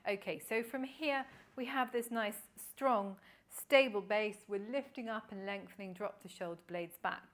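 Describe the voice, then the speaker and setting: A woman leads a Pilates session at home, talking the listener through each movement with calm, encouraging cues. Her voice sits in a middle pitch, and she counts breaths and repetitions at an even pace. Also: normal speed, few pauses. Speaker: Pilates instructor. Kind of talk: guided exercise class instruction.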